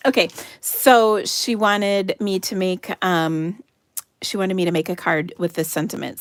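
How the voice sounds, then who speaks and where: American woman, craft-stream host; chatty and giggly, slips into murmurs while she works; slight fry. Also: fairly low pitch, no room sound. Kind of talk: live card-making demo.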